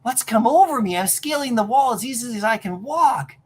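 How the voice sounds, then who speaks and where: Woman playing a shy teen boy, breathless, wondering, husky, lively. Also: a little high, brisk, pitched above the performer's own voice. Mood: amazed. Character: shy teenage boy, amazed by new powers.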